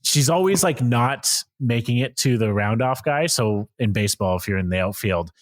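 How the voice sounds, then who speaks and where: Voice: medium pitch, expressive, normal speed, no echo, studio quality. A podcast co-host recapping a film in a loose, rambling way, full of fillers and restarts. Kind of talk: casual chat recapping a film.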